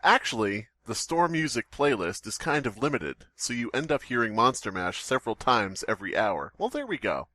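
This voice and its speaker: Lively male co-host with loud mock outrage; very animated delivery, dry close sound. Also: medium pitch, normal speed, few pauses, no echo. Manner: loud, laughs a lot, mock-outraged jokes. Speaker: podcast co-host. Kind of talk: casual chat.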